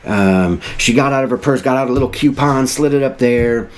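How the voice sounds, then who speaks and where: A man in his thirties tells a personal story at a steady middle pitch. He sounds earnest and reflective, wandering and circling back as he talks. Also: moderate pace. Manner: earnest, reflective, rambling with restarts. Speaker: motivational vlogger.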